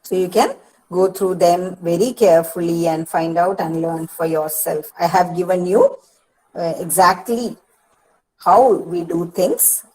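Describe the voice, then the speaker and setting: A woman with an Indian English accent giving a patient lecture to students, often pausing with "uh" and "see" and repeating key points. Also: fairly low pitch, a little mellow, rough recording. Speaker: English literature teacher. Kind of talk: online lecture on poetic meter.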